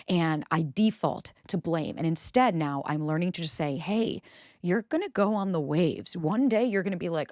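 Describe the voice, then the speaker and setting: A woman's voice: fairly low pitch, brisk, no echo, clean studio sound. A woman in her thirties hosting her own podcast, talking candidly and casually to listeners, swearing freely and acting out her own inner voice. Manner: candid, swears freely, animated self-talk. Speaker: podcast host. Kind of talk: casual solo podcast monologue.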